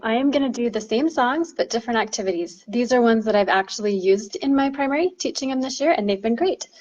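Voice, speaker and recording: A woman's voice: on the high side, animated, fast, a little mellow, lo-fi sound. A woman leading a children's song lesson in a sing-song teacher voice, demonstrating a paper-folding activity. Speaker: primary chorister.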